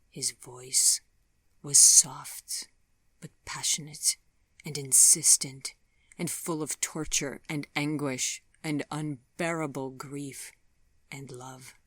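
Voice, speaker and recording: A woman narrating an audiobook in a soft, breathy, half-whispered reading voice. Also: low voice, steady tone, takes it slowly, no room sound. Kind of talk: scripted narration.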